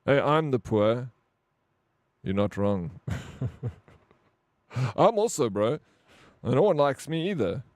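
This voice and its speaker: South African male streamer, mid-pitched, blunt and profane, dry close mic. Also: sing-song, slow, pauses often, a little mellow, no echo. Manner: blunt, profane, rambling with frequent "bro". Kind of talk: casual live-stream chat.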